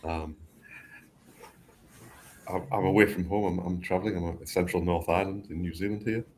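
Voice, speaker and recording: A man's voice: low-pitched, fairly even intonation, normal speed, a little hiss or hum. A man co-hosting a podcast, easygoing and chatty, often repeating his first words. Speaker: podcast co-host. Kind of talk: casual chat.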